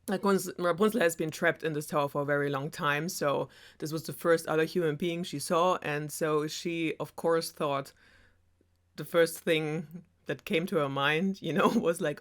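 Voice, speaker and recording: With a fairly low but fairly bright voice, a German storyteller host, not a native English speaker, tells a fairy tale her own way. She's chatty and sarcastic, breaking off into laughing asides.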